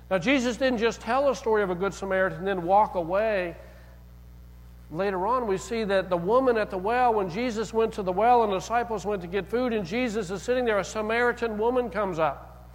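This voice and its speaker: A man's voice: high-pitched, long reverb tail, rough recording. A man preaching a sermon as pastor, in a conversational way, telling stories and acting out quotes. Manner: conversational, storytelling with acted quotes.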